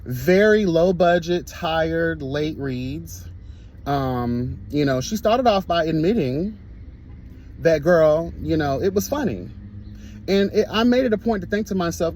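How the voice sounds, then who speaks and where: A man with a notably high voice holds forth in a sassy, flamboyant reviewer's rant. He talks with theatrical drama, peppering everything with catchphrases and cussing, and sounds freshly sweaty from a workout. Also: very animated, normal speed, a little mellow, a little hiss or hum, rough recording. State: sweaty from the gym. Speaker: online reviewer.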